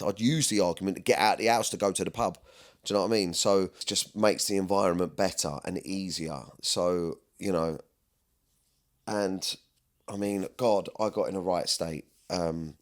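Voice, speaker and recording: A man hosting a podcast, talking earnestly and at length in a rambling, candid way. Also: sits low. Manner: rambling, earnest, often asks "do you know what I mean". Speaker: podcast host. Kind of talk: candid personal chat.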